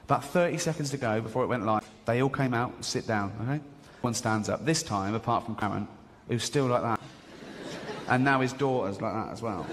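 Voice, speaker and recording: A man doing stand-up, telling a story in an animated way and acting out other people's voices. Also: medium pitch, slight background noise. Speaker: stand-up comedian. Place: comedy stage. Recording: live stage, hall reverb, faint ambience.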